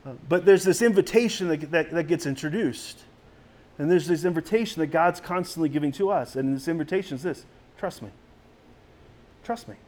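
A man's voice: a little high, fairly quick, darkish tone. A man preaching a sermon as a pastor in a conversational way, with frequent restarts.

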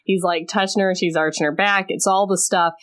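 Lower-voiced woman recapping a romance plot. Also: steady tone, a bit bright. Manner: retells the plot with quick voiced asides and laughs. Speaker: podcast co-host recapping a novel. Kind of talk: casual chat.

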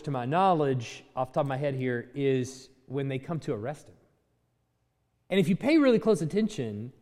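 A man leads a Bible class in a relaxed, conversational way, often pausing on "um" and correcting himself mid-sentence. His voice sits a little high and swings widely up and down. The sound carries a long echo, as in a church hall. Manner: conversational, thinks aloud with fillers and self-corrections. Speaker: Bible teacher. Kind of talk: Bible class teaching with slides.

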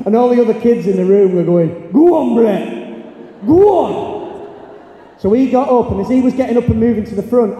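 A man, a teacher telling an animated story on stage and acting out his pupils' voices. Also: high-pitched. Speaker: teacher giving a talk. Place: large hall or stage. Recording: echoey hall, long reverb.

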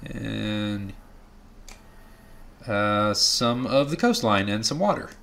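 A man's voice: fairly low pitch, animated, takes it slowly, vocal fry, fairly bright tone. A man running a tabletop game as game master, narrating with many hesitations and fillers.

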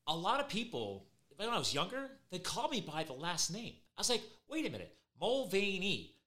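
A man's voice: sits high, brisk. A middle-aged man hosting a podcast, chatting casually and telling stories with energy and laughter. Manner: energetic, animated storytelling with laughs. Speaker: podcast host.

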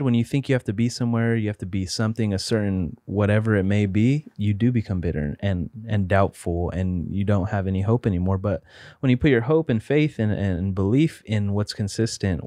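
A man's voice: lowish voice, mellow, dry recording, clean studio sound. A man co-hosting a faith podcast, talking in an earnest, reflective and emphatic way. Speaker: podcast co-host.

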